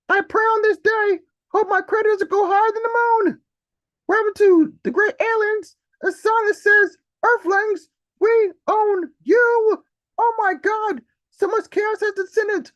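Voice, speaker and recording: Squealing frantic bystander, very high voice, dry dull call audio. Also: male voice, a bit bright, no room sound. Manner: shrill, frantic exclamations. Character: panicky adult male bystander watching monster chaos. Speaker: open mic poet. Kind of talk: comic poetry performance. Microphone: video call.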